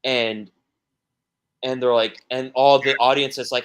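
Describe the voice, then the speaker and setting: Slow, rambling male musician guest. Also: mid-range voice, little pitch movement, clean tone. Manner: rambling, many restarts and fillers. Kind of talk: casual podcast interview.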